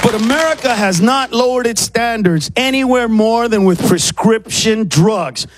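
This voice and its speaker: A man doing a stand-up comedy set in a club, ranting in exasperation and acting out shouted exchanges. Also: high voice, lively intonation, unhurried. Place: comedy club with a laughing audience. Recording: live club recording with crowd noise.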